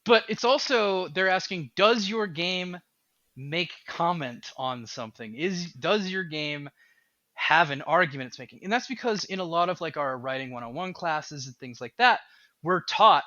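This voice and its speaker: A man who is a game developer, talking as a podcast guest in an animated, rambling way. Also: fairly high pitch, normal speed, dry recording, muffled recording. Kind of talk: casual podcast chat.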